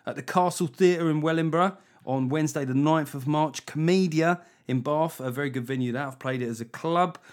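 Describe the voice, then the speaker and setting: A man with an English accent hosting a comedy podcast, sweary and mocking, tossing in quick jokey asides. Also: on the high side. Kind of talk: casual comic podcast chat.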